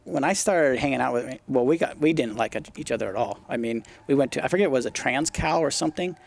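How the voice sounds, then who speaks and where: A man's voice: medium pitch, expressive, quick pace, vocal fry. A middle-aged man, a podcast guest, telling stories in a blunt, profane, casual way. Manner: blunt, profane, acts out quotes in his stories. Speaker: podcast guest, retired motocross racer. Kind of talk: casual storytelling interview.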